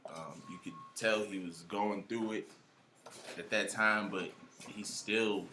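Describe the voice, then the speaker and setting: A man co-hosting a casual podcast, laid-back, with hype shout-outs. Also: fairly low pitch, fairly even intonation, takes it slowly, slight background noise. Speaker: podcast co-host. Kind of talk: casual chat.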